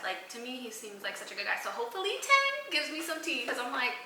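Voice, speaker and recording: Woman co-host, lively pitch, bright tone, casual recap. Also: fast, few pauses. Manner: expressive, swinging pitch, frequent agreeing replies. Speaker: podcast co-host. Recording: echoey room with faint noise.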